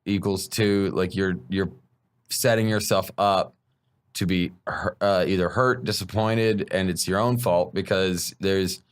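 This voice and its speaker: A man's voice: low-pitched, steady tone, measured pace, clear, resonant tone. A man, a stand-up comedian, talking frankly and bluntly in a casual podcast conversation, swearing freely.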